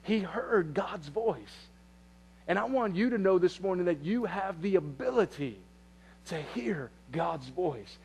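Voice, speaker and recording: A man preaching a sermon in a conversational way, often repeating phrases and restarting, and dropping to a hush for quiet passages. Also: sits high, lively intonation, measured pace, gravelly, breathy edge. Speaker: pastor.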